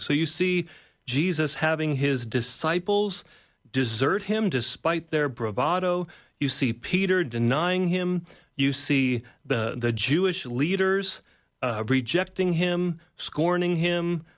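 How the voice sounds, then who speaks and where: A man, a pastor and author, speaking as an interview guest in an earnest, preacher-like way, building points through repeated phrases. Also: on the high side. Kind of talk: reflective devotional talk.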